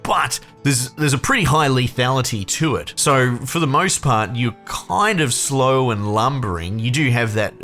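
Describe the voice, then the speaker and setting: Male game reviewer, mid-pitched, excitable and rambling, soft music underneath. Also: measured pace, hardly any pauses. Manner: chatty, enthusiastic, lots of fillers and restarts. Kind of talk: casual game review talk.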